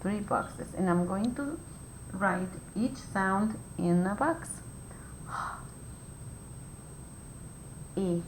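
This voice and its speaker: Slow, patient woman teaching phonics. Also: lively intonation. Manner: slow, clear, patient step-by-step instructions. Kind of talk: phonics lesson for young children. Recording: echoey room with faint rumble.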